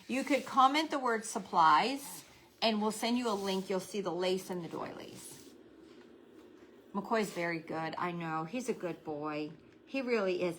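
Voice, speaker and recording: A woman's voice: mid-range voice, a bit bright, a little hiss or hum, poor audio. A middle-aged woman hosting a live craft tutorial, chatting and greeting viewers by name while keeping her voice down so a baby can sleep. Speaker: craft livestream host.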